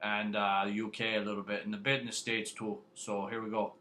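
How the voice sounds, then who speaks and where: A man's voice: on the low side, level tone, fairly quick, pushed and bright. A man casually reviewing a vinyl record, rambling and joking, tagging his lines with "eh". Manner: rambling, jokey, tags lines with "eh".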